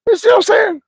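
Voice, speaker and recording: Animated, profane man telling wild stories. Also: gravelly, no echo. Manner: animated, profane, rambling with frequent asides; swings wildly between low mutters and high exclamations. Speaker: channel host. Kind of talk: casual storytelling monologue.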